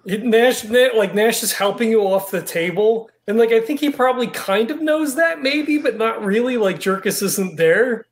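A man's voice: very high voice, moderate pace, few pauses. A man playing a tabletop game, hesitant and stammering, speaking soothingly. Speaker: player.

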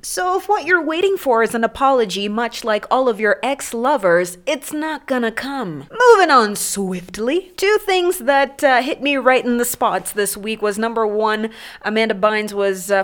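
A woman's voice: on the high side, fairly bright tone. A woman hosting a podcast in a blunt, sassy, profane casual monologue. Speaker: podcast host.

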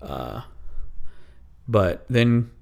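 A man's voice: mid-range voice, sing-song, very slow, vocal fry, darkish tone. A man co-hosting a podcast, improvising a bedtime story with hesitant, rambling asides and dry humor. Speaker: podcast co-host.

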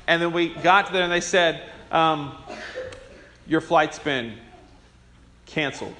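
High, bright-voiced pastor. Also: male voice, slight background noise. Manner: conversational, self-deprecating storytelling. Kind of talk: sermon with personal story.

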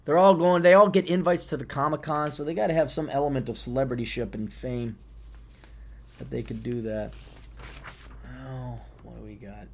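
A man hosting a podcast alone, rambling in a sarcastic, casual monologue with sudden loud bursts, tired and just waking up. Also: fairly high pitch, steady tone, brisk. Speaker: podcast host.

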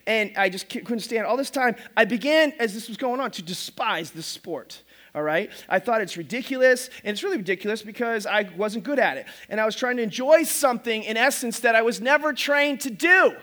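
Man, middle-aged pastor, church sermon, animated self-mocking anecdotes, very high voice. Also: fairly quick. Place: church service before a congregation.

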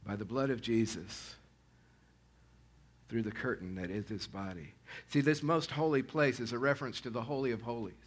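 A man preaching a sermon to his congregation, talking conversationally with restarts and swelling into loud, animated calls to the people by name. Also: medium pitch, brisk, breathy edge. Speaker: pastor.

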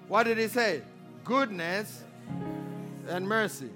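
High-voiced pastor preaching. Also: male voice, expressive, slow pace, pauses often, music in the background. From Zimbabwe. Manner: preaching with rising calls for amen and audience response; swings from loud exhortation to quiet storytelling. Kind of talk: sermon.

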